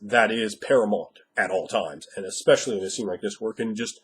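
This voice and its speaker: Blunt husky-voiced game master. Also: male voice, fairly low pitch, fairly quick, fairly bright tone. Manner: blunt and emphatic, with frequent swearing. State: slightly hoarse after a cold. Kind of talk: instructional monologue.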